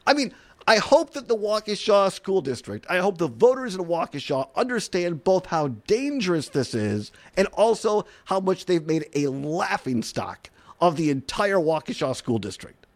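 A man hosting an opinionated talk radio show, incredulous and animated, often laughing and saying "I mean". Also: sits high, moderate pace.

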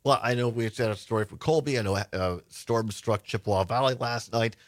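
A man's voice: medium pitch, a little fast. A man hosts a political talk radio show. He asks his guests questions in a conversational way and gets openly indignant. His voice sits in a middle register.

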